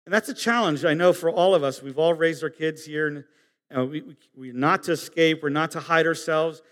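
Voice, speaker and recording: A fairly high-voiced man delivers a sermon with earnest, halting phrasing. He climbs to emphatic peaks and drops to hushed asides. His voice rings with the long reverb of a big hall. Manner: earnest, pausing, rising to emphatic peaks and dropping low. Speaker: pastor.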